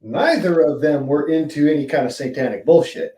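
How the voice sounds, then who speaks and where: A man's voice: fairly high pitch, fairly quick. A man in casual chat, talking in a blunt, dismissive way with swearing. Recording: echoey room with faint noise.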